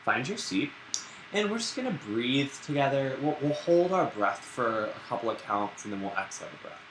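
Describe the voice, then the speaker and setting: A man teaching a live-streamed yoga class in a relaxed, chatty and playful way. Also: mid-range voice, normal speed. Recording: roomy echo with background noise.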